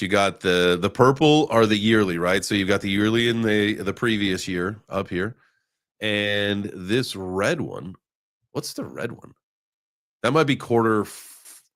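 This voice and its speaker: This man hosts a live crypto stream and talks in a loose, joking way, full of sarcasm and fillers. His voice sits a little low for a man. He calls out viewers by name between chart readings. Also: expressive, a little slow, fairly bright tone. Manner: rambling with many fillers while reading charts. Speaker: crypto livestream host. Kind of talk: casual live market chat.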